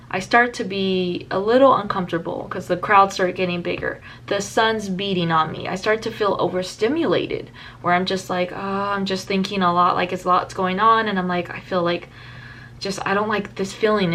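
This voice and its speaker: Young woman vlogging, rambly and candid, lots of "like", medium pitch, bit of faint background hiss. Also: a bit bright. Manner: candid, rambling, many "like" fillers and restarts. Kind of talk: personal storytelling to camera.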